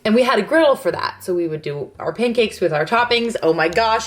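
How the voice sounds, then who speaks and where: A woman's voice: on the low side, big pitch swings, a little fast, few pauses. A young woman in her twenties chatting through a cooking vlog in her home kitchen, bubbly and self-deprecating. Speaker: lifestyle vlogger. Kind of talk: casual cooking vlog chat.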